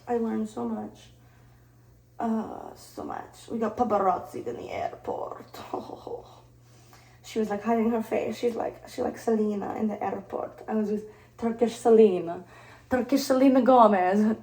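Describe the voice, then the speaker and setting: A woman's voice: medium pitch, creaky, warm tone. A young woman vlogging in casual chat to camera, rambling and jokey, mocking herself and swearing freely. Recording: roomy, distant, faint background noise.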